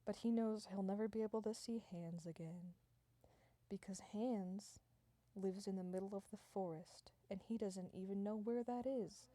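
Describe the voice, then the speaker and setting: A woman's voice: mid-range voice, fairly even intonation, normal speed, dark tone, dry recording. A woman improvising a comic story, rambling, swearing and restarting her sentences as she goes.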